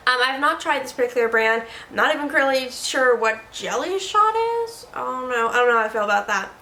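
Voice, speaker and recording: A chatty woman hosts a relaxed beauty review from her desk at home. Her voice sits a bit high and sounds bright. She rambles along and stumbles over the odd word, and the room gives her a noticeable echo. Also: brisk. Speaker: beauty vlogger host. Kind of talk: casual product review chat.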